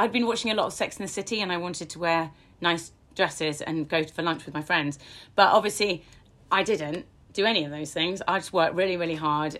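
A woman telling her personal story as an interview guest, frank and self-deprecating, her pace swinging between slow and quick. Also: deep voice, a bit bright.

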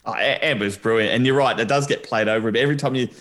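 A man's voice: medium pitch, racing, fairly bright tone. A man with an Australian accent co-hosting a podcast, speaking in an easygoing, teasing way. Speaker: podcast co-host. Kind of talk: casual chat.

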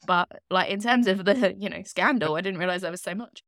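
A woman with a mid-range voice co-hosts a casual true-crime podcast. She is chatty, quick with dry jokes, and reacts freely to her co-host. Her voice sits close and dry in the recording. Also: mid-range voice, a bit bright, dry recording. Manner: chatty, wry and joking.

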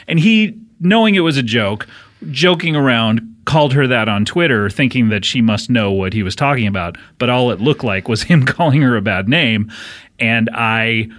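A man's voice: mid-range voice, a bit bright. A man hosting a comedy podcast, rambling through stories and laughing often as he chats. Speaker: podcast host. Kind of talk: casual comedic banter.

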